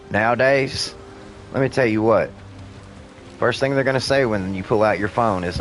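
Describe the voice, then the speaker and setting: A man's voice: on the low side, moderate pace, pauses often, faint music behind. A man giving heated, profane, rambling commentary while he plays a video game. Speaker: gaming streamer.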